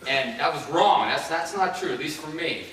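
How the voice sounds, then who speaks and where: A man's voice: on the high side, moderate pace. A middle-aged man from Ohio tells his story in a keynote, acting out the voices of the people he quotes. He sounds far from the mic in a strongly echoing hall, with faint room noise behind him. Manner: animated, acts out quoted voices. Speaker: keynote speaker. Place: large conference hall. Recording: echoey hall, heard from far off.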